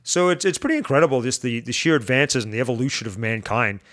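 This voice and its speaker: A man chatting as a podcast guest, an animated storyteller whose voice jumps high when excited. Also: fast talker. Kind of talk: casual chat.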